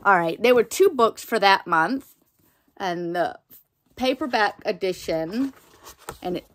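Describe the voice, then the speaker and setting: A young woman unboxes a parcel for her book channel, talking at an unhurried pace. She keeps saying how excited she is and fills her sentences with little fillers. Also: medium pitch. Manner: chatty, excitable, lots of fillers. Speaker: book vlogger. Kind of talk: casual unboxing chat.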